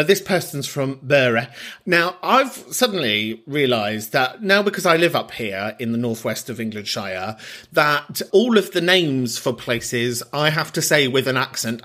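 A man hosting a comic podcast, talking in a theatrical, teasing way with sudden loud outbursts. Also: medium pitch. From Ireland. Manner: theatrical, teasing, bursts into shouts. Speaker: podcast host.

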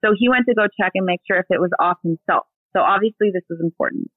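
A woman in her thirties, a podcast guest, telling an animated, profane story in casual chat. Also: mid-range voice, fast, no room sound. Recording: dry phone-like remote audio.

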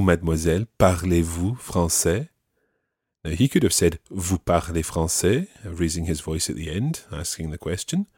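A man with a very low, slightly husky and mellow voice teaches a language lesson on a podcast. He explains patiently and methodically, slowing down to model words, in a dry studio recording.

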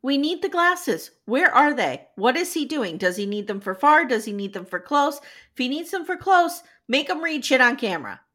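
A woman's voice: high-pitched, big pitch swings, moderate pace, hardly any pauses, a bit bright. A woman co-hosting a casual podcast chat, recapping episodes with wry asides, sniffly with a cold. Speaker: podcast co-host.

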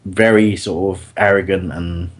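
A man's voice: deep voice, steady tone, a little slow. A man hosting a casual football chat, talking easily with many restarts and laughs. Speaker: podcast host.

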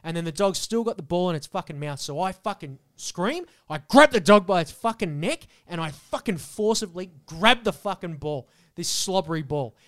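High-voiced swearing podcast man. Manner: profane, animated storytelling. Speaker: podcast co-host. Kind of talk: casual podcast banter.

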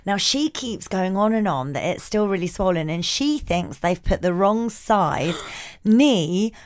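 A woman's voice: mid-range voice, animated, unhurried. A woman co-hosting a podcast, chatting in a playful, rambling way. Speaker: podcast co-host. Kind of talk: casual chat.

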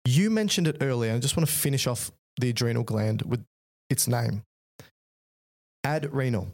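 A man's voice: mid-range voice, lively intonation, a little fast, darkish tone. A man co-hosting an educational podcast, playful and jokey, explaining body processes step by step in casual chat. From Australia. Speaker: podcast co-host.

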